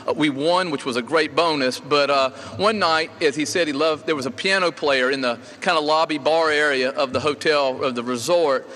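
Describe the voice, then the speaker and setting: A man's voice: on the high side, moderate pace, hardly any pauses, a bit bright. A middle-aged man, a golf coach giving a rambling, story-filled memorial tribute with many fillers and restarts. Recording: reverberant hall with faint ambience.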